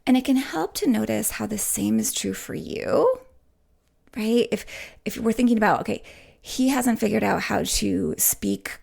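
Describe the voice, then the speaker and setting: Gentle husky-voiced woman giving advice. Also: on the high side, expressive, a little slow. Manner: soft, gentle, often drops to a whisper; reassuring, frequent "right?" check-ins. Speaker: podcast host and relationship coach. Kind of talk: advice monologue answering listener questions.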